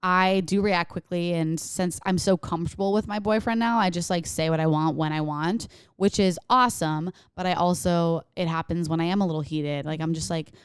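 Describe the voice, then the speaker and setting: A woman's voice: fairly low pitch, steady tone, moderate pace, few pauses, smooth, dry recording, studio quality. A young woman co-hosting a podcast in casual, candid chat, swearing freely and acting out little quoted exchanges. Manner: candid and swearing, quoting herself and her boyfriend. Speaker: podcast co-host.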